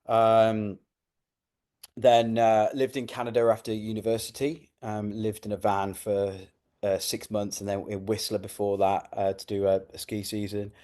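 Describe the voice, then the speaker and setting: A middle-aged man with an English accent, talking as a guest in a casual interview, relaxed and reflective, with many "um"s and restarts. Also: fairly low pitch, moderate pace. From United Kingdom.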